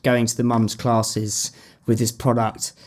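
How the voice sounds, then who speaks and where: A man's voice: medium pitch, monotone, a little slow. A man hosting a podcast, chatting loosely with swearing and jokey banter. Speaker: podcast host. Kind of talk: casual interview chat.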